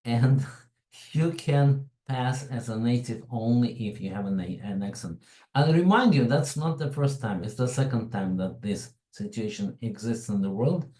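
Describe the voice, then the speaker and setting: A man's voice: medium pitch, expressive, moderate pace, mellow, roomy sound, low-quality recording. A man with a foreign accent presenting a tech webinar in a chatty, digressive way, with frequent asides. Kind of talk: informal tech webinar talk.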